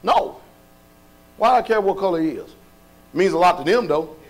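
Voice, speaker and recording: A male pastor preaching a sermon in a colloquial, folksy way, firing off rhetorical questions and sometimes rising to shouts. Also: sits high, animated, moderate pace.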